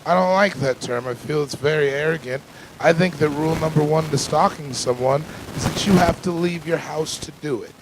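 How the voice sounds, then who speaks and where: A high-pitched male comedian works a club stage, telling stories in a dry, deadpan way. His bits build into loud, excitable rants. The live recording has a lot of noise behind his voice. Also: fairly quick. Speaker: stand-up comedian. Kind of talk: stand-up comedy set.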